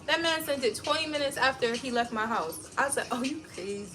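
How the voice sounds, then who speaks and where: A woman in her thirties, a livestream host, venting to her viewers in casual, blunt, animated talk with plenty of swearing. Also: high-pitched, fairly quick, noisy background. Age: 30s.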